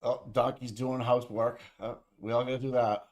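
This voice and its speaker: A man hosting a livestream who talks in a loose, rambling way and swears freely. His pitch sits right in the middle for a man, and his delivery is casual chat with the audience. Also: level tone, moderate pace. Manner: profane, rambling, chatty. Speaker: livestream co-host.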